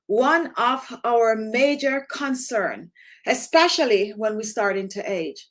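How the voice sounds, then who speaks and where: A woman's voice: fairly high pitch, expressive, takes it slowly. A woman hosting a live skincare stream from home, chatting directly to her viewers. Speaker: skincare channel host.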